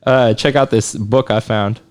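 A man's voice: on the low side, fairly even intonation, a little slow, a little mellow. A man hosting a casual podcast, joking around loosely and running a quiz game. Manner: laid-back joking quiz-giver. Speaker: podcast host. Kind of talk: casual chat.

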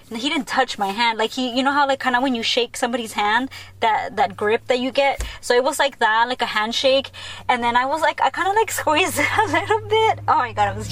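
A young woman hosting a podcast, telling a story in a casual, excitable way, full of "like" and laughter. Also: sits high. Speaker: podcast host.

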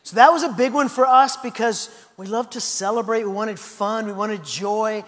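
High-voiced pastor preaching in a hall. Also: male voice, moderate pace. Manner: lively, anecdotal, frequent restarts. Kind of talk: sermon.

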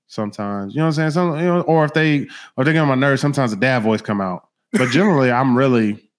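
A man in his thirties hosting a podcast in casual chat, telling lively stories about his children and acting out their voices. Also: medium pitch, quick pace. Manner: animated storyteller, acts out his kids' voices. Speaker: podcast host.

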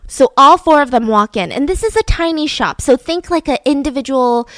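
A woman hosting a podcast, telling a true-crime story in a casual, animated way, full of "like" and "right?" asides. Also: high-pitched, normal speed, no room sound. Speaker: podcast host.

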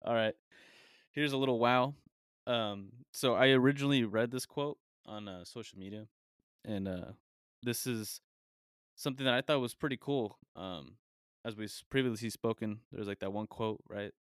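A man's voice: on the low side, normal speed, smooth, dry recording, clean studio sound. A man hosting a podcast, telling stories in a loose, rambling way with many fillers. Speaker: podcast host. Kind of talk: casual podcast chat.

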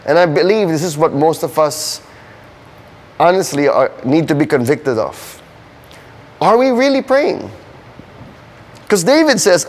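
Earnest pastor in an echoing hall. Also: male voice, fairly high pitch, big pitch swings, a little slow, long pauses. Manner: earnest, building to emphatic questions. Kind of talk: sermon. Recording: long hall reverb.

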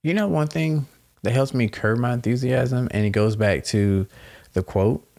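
A man's voice: medium pitch, normal speed, vocal fry, darkish tone. A man talking casually and reflectively, laughing at himself and acting out little quoted exchanges. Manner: laid-back, laughs at himself, acts out quotes.

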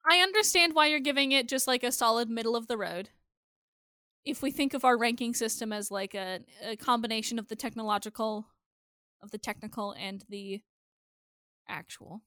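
A woman co-hosting a podcast in casual chat, animated, laughing often and swearing freely. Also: a little high, normal speed, smooth, no room sound, clean studio sound. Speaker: podcast co-host.

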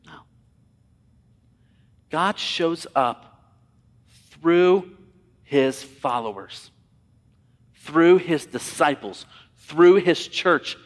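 Slightly high-voiced male pastor preaching. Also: expressive, extremely slow, pauses often. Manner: conversational, emphatic preaching that addresses the congregation directly. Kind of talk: sermon. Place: church sanctuary. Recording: long hall reverb.

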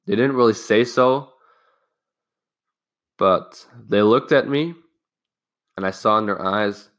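A man's voice: lowish voice, slow, a bit bright. A young man hosting a casual self-help podcast, telling a personal story candidly and loosely, with some swearing. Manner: loose, rambling phrasing with restarts. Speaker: podcast host.

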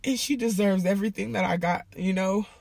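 A woman's voice: mid-range voice, steady tone, brisk, gravelly, a little mellow, dry recording. A woman talking candidly to her viewers in a heartfelt, emotional, casual and profane way. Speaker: vlogger. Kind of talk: candid personal vlog talk.

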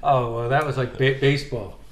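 A man co-hosting a podcast, an animated storyteller who jumps into other people's voices when recounting old stories. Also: mid-range voice, a little fast. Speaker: podcast co-host. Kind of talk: casual chat. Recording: echoey room with faint background noise.

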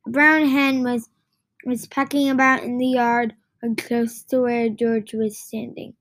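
A woman reading a children's book aloud in a halting way, with many restarts and stumbles. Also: a little high, little pitch movement, a bit bright, dry recording. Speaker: reader.

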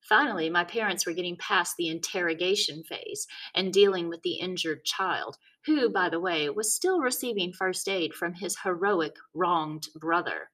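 A woman reading a chapter of a children's novel aloud, telling it in the first person with a wry, deadpan tone. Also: on the low side, normal speed, few pauses. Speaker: audiobook narrator. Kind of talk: first-person storybook narration.

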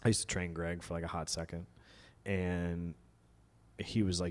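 A man with a lowish voice tells a story in casual podcast chat, acting out what people said to him. His voice carries a long reverb tail, as if from a large hall. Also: moderate pace. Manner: animated storyteller acting out quotes. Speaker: comedy show host.

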